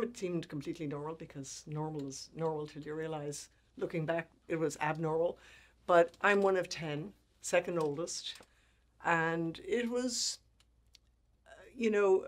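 A woman in her sixties, a make-up artist speaking as a guest, telling lively anecdotes and acting out the people she quotes. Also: low-pitched, moderate pace. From Ireland. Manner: animated anecdotes, frequent laughter, acts out quoted people. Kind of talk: storytelling interview talk.

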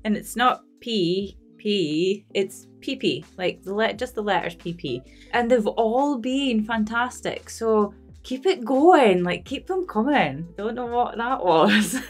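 Scottish lass rambling to camera about a film, giggly, self-deprecating, mid-pitched voice. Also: female voice, animated, a little slow, soft background music. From Scotland. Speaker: movie reaction vlogger. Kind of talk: casual unscripted chat to camera.

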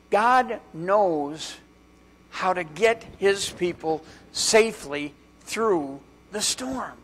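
A male pastor preaching a sermon in a church, with dramatic pauses and strings of rhetorical questions, dropping to a hush on key words. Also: high-pitched, animated, slightly rough. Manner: drops to a hushed voice on key words.

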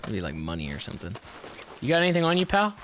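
Excitable swearing gamer, lively voice. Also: male voice, mid-range voice, fast talker, background noise. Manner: excitable, swears a lot, laughs and yells at the game. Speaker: gamer playing through a video game. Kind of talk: casual let's-play commentary.

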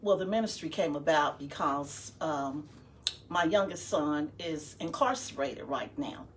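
A woman's voice: sits low, animated, a little slow, slight background noise. Middle-aged woman sharing testimony, distant mic. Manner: conversational storytelling, quoting her own prayers. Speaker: guest, founder of a support ministry. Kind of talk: personal testimony.

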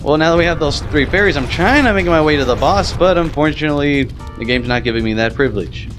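A young man giving casual let's-play commentary, excitable and quick to swear and yelp when the game goes wrong. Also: on the high side. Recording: game music behind voice.

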